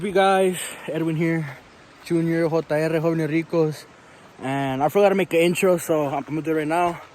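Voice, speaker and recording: Young male vlogger, slangy, winded on a trail, slightly high voice, faint outdoor hiss, handheld camera. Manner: upbeat, slangy, talks to viewers. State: out of breath. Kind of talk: casual hiking vlog.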